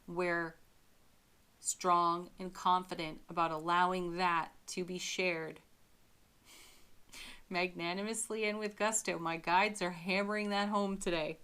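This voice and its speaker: A woman giving a spiritual tarot reading to her viewers, speaking gently and often breaking into soft little laughs. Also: fairly low pitch, fairly even intonation, measured pace, clean tone. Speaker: tarot reader.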